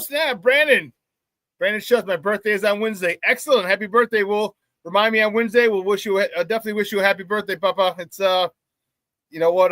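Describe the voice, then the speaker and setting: A man hosting a live sports talk show, hyped and loud, with casual slangy banter as he reads out chat shout-outs. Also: high voice, dry recording.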